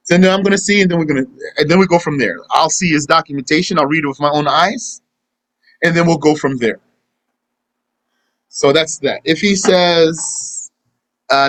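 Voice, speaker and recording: A man's voice: fairly high pitch, brisk, long pauses, fairly bright tone, poor audio. A man teaching a live religious lesson and answering questions, talking conversationally and acting out imagined back-and-forth dialogues. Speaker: Islamic teacher.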